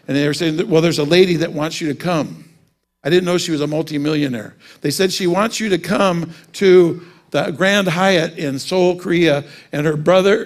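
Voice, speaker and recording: Guy preaching, tells a story, gets fired up, slightly high gravelly voice. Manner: rising to loud fervent preaching. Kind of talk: sermon with storytelling.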